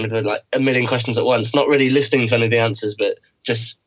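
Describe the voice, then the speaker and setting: A man's voice: medium pitch, steady tone, fast, rough recording. A man, a podcast co-host telling a rambling anecdote in casual chat and laughing through it. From England.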